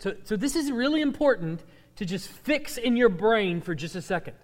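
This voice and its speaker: A man's voice: high voice, expressive, moderate pace. A man teaching a Bible class who reads verses dramatically and often repeats words as he restarts. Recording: long hall reverb.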